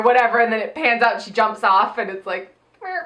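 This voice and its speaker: A woman co-hosting a casual recap podcast, animated, acting out quotes in playful voices and laughing often. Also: a little high, fairly quick. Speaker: podcast co-host.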